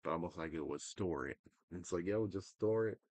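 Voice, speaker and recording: A man's voice: sits low, fairly quick. A man ranting casually about video games, exasperated and profane, now and then mocking other people in a put-on voice. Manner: swings between loud outbursts and muttering. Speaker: gaming commentator. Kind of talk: casual rant to camera.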